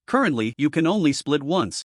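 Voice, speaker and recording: A man's voice: on the high side, fairly quick, dry recording, clean studio sound. A man voicing an emotionless, mechanical system voice in a storybook recap. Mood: informing. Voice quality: flat and mechanical.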